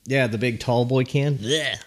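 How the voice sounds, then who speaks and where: Guy cohosting a podcast, teasing and joking around, normal pitch. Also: a little slow. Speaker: podcast co-host. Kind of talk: casual chat.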